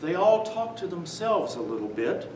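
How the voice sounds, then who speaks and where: A man's voice: high-pitched, big pitch swings, normal speed. A man giving a church adult-education lecture, quizzing his live audience with "what?" prompts and chuckling through his stories. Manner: chuckles while telling stories. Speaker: visiting lecturer on the New Testament. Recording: echoey room from far off, faint noise.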